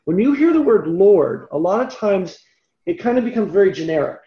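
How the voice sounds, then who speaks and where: A man teaching through a Bible passage verse by verse, animated and conversational, with asides and self-corrections. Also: high-pitched, fairly quick. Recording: roomy echo, dull lo-fi sound.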